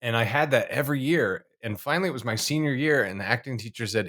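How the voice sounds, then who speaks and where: A man's voice: medium pitch, expressive, fast, few pauses, fairly bright tone. A man hosting a podcast, chatting casually with a guest and laughing along. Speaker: podcast host. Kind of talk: casual interview chat.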